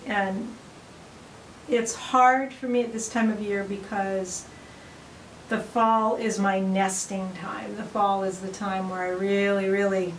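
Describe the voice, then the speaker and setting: In a rough recording with slight background noise, a middle-aged woman speaks at medium pitch. She's a vlogger having a rambling, casual chat to the camera at home, full of ums and restarts.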